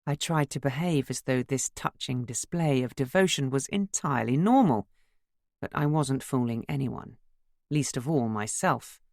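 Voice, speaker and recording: A woman's voice: very deep voice, normal speed, gravelly, darkish tone, no room sound, studio quality. A woman narrating an audiobook in the first person, telling the story expressively. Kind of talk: scripted narration.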